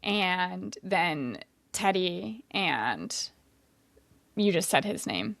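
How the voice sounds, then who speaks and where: A woman's voice: lowish voice, sing-song, creaky, a bit bright, no echo. A woman co-hosting a podcast, casually chatting about a movie and often agreeing. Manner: agreeable, chimes in with quick affirmations. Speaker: podcast co-host. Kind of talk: casual movie recap chat.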